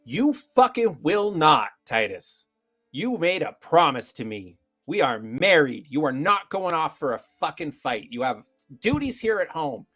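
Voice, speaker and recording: A man's voice: a little high, very animated, measured pace, fairly bright tone, soft background music, voice pushed up, exaggerated voice. A man putting on a fiery, swearing farm wife. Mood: furious. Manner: swearing, scolding. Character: fierce farm wife, woman, protective and fiery.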